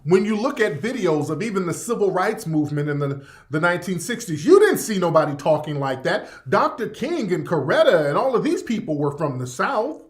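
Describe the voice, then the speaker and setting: A man's voice: high-pitched, sing-song, brisk, few pauses. A man hosting a radio show in casual livestream commentary, rambling and profane, repeating himself and reacting to chat.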